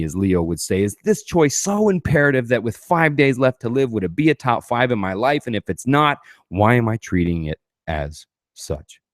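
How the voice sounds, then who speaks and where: A man's voice: mid-range voice, no room sound, studio quality. A man hosting a podcast, talking through ideas from his own book in a casual, emphatic way, swearing freely and asking rhetorical questions. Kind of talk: casual motivational talk.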